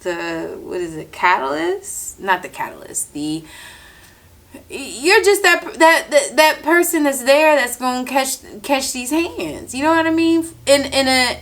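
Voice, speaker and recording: A woman hosting a podcast, telling a story in a casual, animated monologue, acting out quotes and swearing freely, close to the mic. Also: fairly high pitch. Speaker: podcast host.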